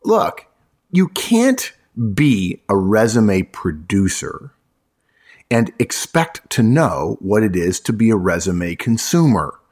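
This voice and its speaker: A man's voice: fairly low pitch, very animated, slow pace, darkish tone. A man who works as a recruiter gives emphatic, punchy resume advice, hammering his points home and addressing listeners as folks.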